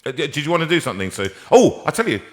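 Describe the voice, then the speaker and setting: A man with a fairly high voice talks very fast and with lots of energy, hosting a casual live stream from a music room while piano plays behind him. He's a singer and host who tells jokes and puns in a rambling, playful way, often restarting his sentences.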